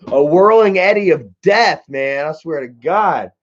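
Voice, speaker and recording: A man's voice: a little high, lively intonation, takes it slowly. A young man hosting a casual livestream, telling rambling stories full of swearing and answering chat. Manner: swearing, laid-back storytelling. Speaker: livestream host. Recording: dull lo-fi stream audio.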